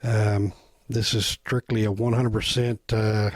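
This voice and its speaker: A man's voice: fairly low pitch, level tone, a little slow, no echo. A man hosting a casual interview for his shop's channel, friendly and chatty, with plenty of fillers. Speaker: shop owner and show host.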